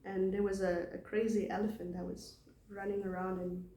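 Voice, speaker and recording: Woman, chatty storyteller, laughs often, mellow voice, echoey room. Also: medium pitch, level tone, normal speed, slight background noise. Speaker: devotee telling scripture stories. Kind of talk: casual storytelling talk.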